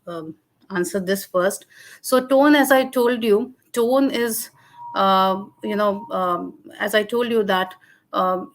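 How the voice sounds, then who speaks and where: Indian english woman answering webinar questions, lots of "you know" and "uh", explains slow and careful, video call mic. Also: medium pitch. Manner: explanatory, with many fillers and self-restarts. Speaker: webinar guest speaker on linguistics.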